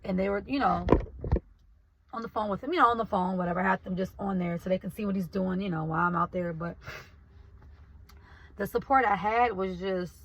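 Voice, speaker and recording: A woman's voice: mid-range voice, fairly quick, pauses often, breathy edge, low-quality recording. A woman, telling her viewers about her basket business in a casual vlog. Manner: talks straight to viewers, emotional, says y'all. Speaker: vlogger and basket maker.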